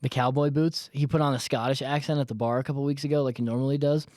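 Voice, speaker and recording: A man's voice: medium pitch, fairly even intonation, fast talker, a little mellow, dry recording, studio quality. A young man co-hosting a podcast, casually telling stories, laughing and swearing as he goes. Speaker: podcast co-host. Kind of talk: casual chat.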